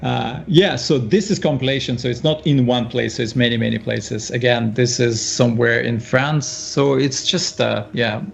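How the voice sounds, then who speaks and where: A man's voice: medium pitch, normal speed, vocal fry, few pauses, a little hiss or hum. A Russian man with a Russian accent, a guest chatting on a live stream, hesitant and repeating his words. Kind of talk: casual live-stream chat.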